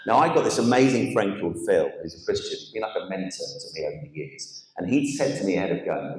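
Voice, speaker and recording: A man giving an animated spoken testimony as a guest speaker, now and then acting out the voices of others. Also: low-pitched, fast, few pauses. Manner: animated storyteller, acts out quoted voices. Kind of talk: storytelling testimony on stage. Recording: echoey church hall.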